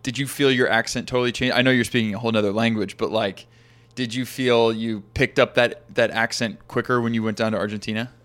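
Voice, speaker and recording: A talkative man from Arizona chats casually with a friend, trailing off and restarting his thoughts, often breaking into laughter. His voice sits in an ordinary middle pitch. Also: fairly even intonation, fast, fairly bright tone. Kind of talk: casual chat.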